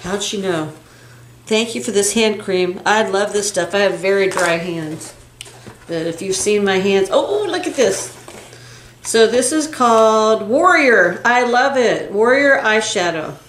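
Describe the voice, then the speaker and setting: A woman's voice: medium pitch, a little slow. An older woman co-hosting a beauty channel, chatting casually and gasping with delight as she unboxes makeup gifts. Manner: gushing, gasping with excitement, chatty. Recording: echoey room with faint hiss.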